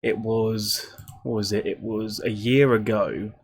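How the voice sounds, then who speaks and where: A quiet, self-conscious man who makes videos, talking about being nervous in his first interview. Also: on the low side, fairly even intonation, unhurried, a little hiss or hum. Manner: soft-spoken, self-conscious. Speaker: video creator. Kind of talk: casual reflection.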